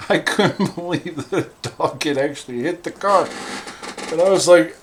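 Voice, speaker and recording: A man's voice: on the high side, a little slow. Guy telling a funny dog story, wry, does the voices, bit of hiss behind. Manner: wry, animated, acts out quoted voices. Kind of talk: casual storytelling.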